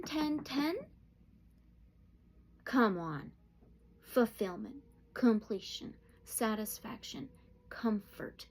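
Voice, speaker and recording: A woman gives a solo tarot reading in a voice of middling pitch. She talks excitably, gasping now and then and sometimes sinking into a hushed whisper. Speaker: tarot reader.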